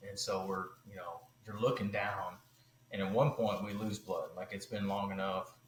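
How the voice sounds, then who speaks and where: A man telling a hunting story on a podcast, animated and loose, full of "like" and "you know". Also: sits low, normal speed, reverberant, a little hiss or hum, poor audio. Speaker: podcast guest.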